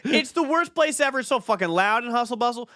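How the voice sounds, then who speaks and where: A man's voice: very high voice, animated, fast, sharp tone, no room sound, studio quality. A young man co-hosting a radio show, ranting in a comic, profane, exasperated way. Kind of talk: comedic rant.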